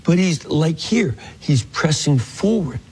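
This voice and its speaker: A man teaching a Bible passage, reading verses slowly and then explaining them earnestly. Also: a little high, animated, a little mellow, slightly rough, low-quality recording. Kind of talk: scripture teaching.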